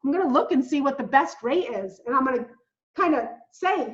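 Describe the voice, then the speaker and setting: A woman coaching new travel agents in a casual, excitable way, talking straight to viewers as "guys". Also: high voice, normal speed, highs cut off. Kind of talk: casual teaching while screen-sharing.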